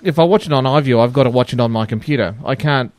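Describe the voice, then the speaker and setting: A man's voice: mid-range voice, fast talker, a little mellow, dry recording. A man on a radio panel, wry and complaining, with hesitant restarts. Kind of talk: casual radio panel chat.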